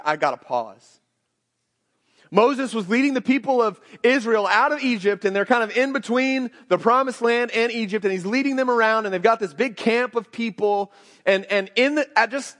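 A man preaching a sermon in a conversational way, often repeating and restarting his words. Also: sits high. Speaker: pastor. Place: church sanctuary. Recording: church hall with long reverb.

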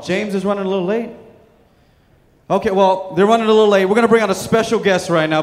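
A man emceeing a live comedy show, pumping up the crowd between jokes. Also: sits high. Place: hotel showroom stage. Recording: reverberant hall with crowd.

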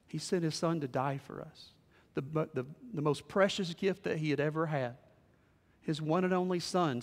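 A male pastor preaching with a fairly high voice. His delivery swings from quiet, intimate moments to loud, excited outbursts. A long reverb from the church hall trails behind every line. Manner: animated, swings from hushed to shouting. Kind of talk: sermon. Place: church sanctuary.

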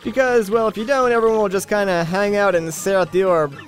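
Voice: mid-range voice, fairly even intonation, a little fast, faint music behind, close to an everyday voice. A bossy old female tree-creature elder snaps and grumbles in a folksy, impatient way, as a man puts her on while reading a video game's lines. She scolds the young ones and fusses about her comforts. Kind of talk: Let's Play dialogue reading.

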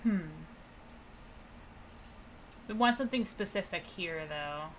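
In casual let's-play commentary, a young woman muses aloud over a puzzle game and jokes sarcastically with her chat. She has an animated mid-range voice and a slow delivery, with a little hiss or hum in the audio.

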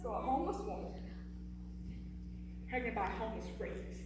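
An actress playing a battered, desperate wife who stammers and pleads, performed on a live stage. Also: female voice, a little high, lively intonation, brisk, close to an everyday voice. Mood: recounting. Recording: echoey hall from far off, background noise.

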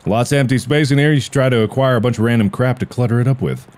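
A man's voice: mid-range voice, racing, a little mellow. A man hosting a let's-play video, reading game text aloud with playful quips. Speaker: gaming video host. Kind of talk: casual let's-play commentary.

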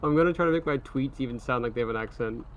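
A man's voice: mid-range voice, very fast, dull audio, a little hiss or hum. A man chatting casually with a friend during a roleplay game, laid-back and giving short easygoing replies.

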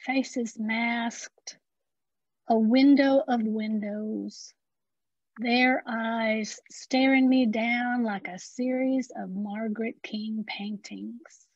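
A woman with an Appalachian accent performing spoken-word poetry, slow and deliberate with dramatic pauses. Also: on the high side, fairly even intonation, darkish tone, no room sound, dull audio. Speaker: poet.

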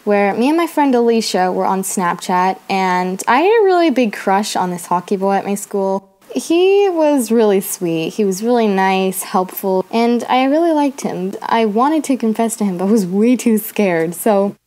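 A woman's voice: mid-range voice, expressive, moderate pace, darkish tone. A teenage girl casually telling a personal story, chatty and acting out the lines of the people in it. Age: teens. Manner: chatty, acts out her own and her friend's lines.

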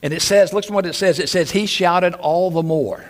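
A man preaching a Sunday sermon, his voice sitting a little high for a man. He repeats key phrases and bursts into acted shouts when he quotes. It sounds like a live church service. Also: normal speed, few pauses. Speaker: pastor. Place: church sanctuary.

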